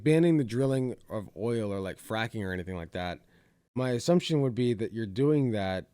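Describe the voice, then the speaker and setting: A man's voice: medium pitch, mellow, dry recording, clean studio sound. A man hosting a reaction commentary, exasperated and sarcastic, swearing often. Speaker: commentary host.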